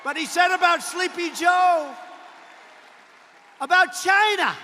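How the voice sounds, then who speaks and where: Man at a campaign rally, high-pitched and forceful, boastful and repetitive, echoing through a big arena. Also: takes it slowly, some chatter behind, a little hiss or hum. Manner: boastful, repetitive, mocking asides, bursts of shouting. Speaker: politician addressing a campaign rally. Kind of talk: rally speech. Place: large indoor arena rally. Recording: long arena reverb.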